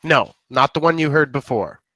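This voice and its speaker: A man narrating as dungeon master, telling the story in a slow, drawn-out way. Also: a little high, animated, pushed and bright, dry recording. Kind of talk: narrating a tabletop game.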